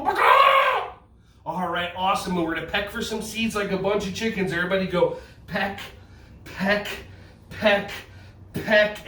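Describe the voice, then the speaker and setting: A man teaching a playful yoga stretch lesson for kids, goofy and jokey, in a roomy recording from a distance. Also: high-pitched. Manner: goofy, animated, jokey with children. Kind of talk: playful kids' movement lesson.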